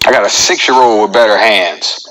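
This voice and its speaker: A man's voice: lowish voice, normal speed, noisy background. A man in his thirties, a comedian hosting his own live show and joking in a chatty way as he talks straight to his viewers. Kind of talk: casual live-stream comedy monologue.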